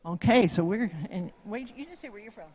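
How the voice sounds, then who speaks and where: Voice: medium pitch, a little fast, darkish tone, big-room sound. A horsemanship instructor with a Tennessee accent, giving a folksy, joking live demo talk and quizzing the crowd. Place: live event venue.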